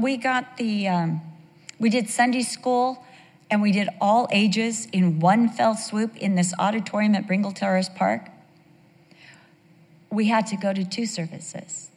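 A woman pastor telling church stories in an animated sermon, sometimes dropping to a whisper. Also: mid-range voice. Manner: animated storyteller, drops to a whisper for emphasis. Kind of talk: sermon storytelling. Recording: long reverb of a large hall.

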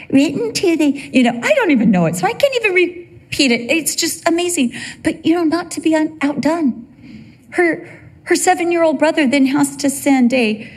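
A woman in her fifties preaching a sermon with an emotional, expressive delivery. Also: high voice.

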